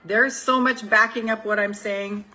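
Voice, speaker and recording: A woman's voice: medium pitch, fairly even intonation, measured pace, noisy background. A woman in her seventies, a life coach, talking casually on a group call and reading affirmation cards, frank and given to repeating her points. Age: 70s. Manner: frank, swears freely, repeats phrases for emphasis.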